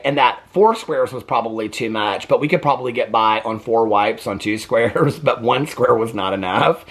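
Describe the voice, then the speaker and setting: A man's voice: mid-range voice, a bit bright. A man hosting a reaction channel, chatting sarcastically about a TV show, laughing often and adding "okay?" as he goes. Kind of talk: casual reaction commentary.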